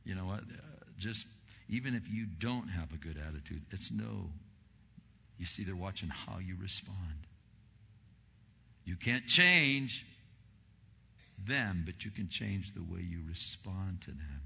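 A man preaching a sermon as pastor, impassioned, swinging between quiet, low passages and loud, rising ones. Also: expressive, measured pace, gravelly, pauses often, husky. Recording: dull recording in a reverberant hall.

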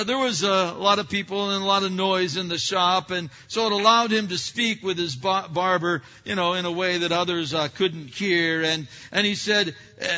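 A man preaching a sermon, swinging between loud emphatic lines and hushed asides. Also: a little high. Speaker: pastor. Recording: dull echoey hall recording.

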